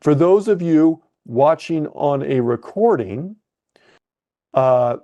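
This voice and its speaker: A man coaching a live webcast lesson, thinking aloud and correcting himself as he clicks through trading software. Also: on the high side, lively intonation, slow pace, lo-fi sound.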